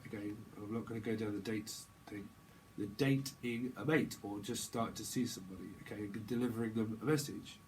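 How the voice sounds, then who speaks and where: A man's voice: fairly low pitch, fairly even intonation, a little fast, a little hiss or hum, low-quality recording. A man giving a casual, rambling tarot reading, joking and laughing often. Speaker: tarot reader.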